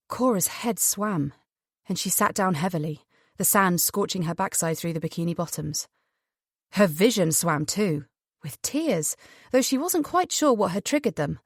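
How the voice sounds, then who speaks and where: A woman narrating a thriller audiobook in an expressive storytelling manner. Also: lowish voice, moderate pace, slightly rough, dry recording, studio quality.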